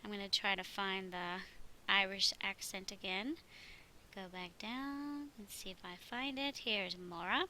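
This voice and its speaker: A woman teacher talks through a screen-recorded tutorial in a chatty way, explaining one step at a time. Her voice is very bright and clear at a middle pitch. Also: measured pace, rough recording. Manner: chatty, walks through steps.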